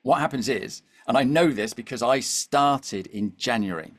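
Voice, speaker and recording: A man's voice: medium pitch, normal speed. A middle-aged man, a podcast guest, telling a story animatedly and checking in with his listener often. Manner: animated, keeps checking in with "okay?" and "all right?". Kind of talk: storytelling conversation.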